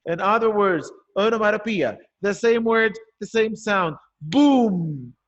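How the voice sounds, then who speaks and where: A man's voice: high-pitched, normal speed, a bit bright, highs cut off. A male teacher giving an online poetry lesson, explaining step by step and asking and answering his own questions. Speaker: primary school teacher.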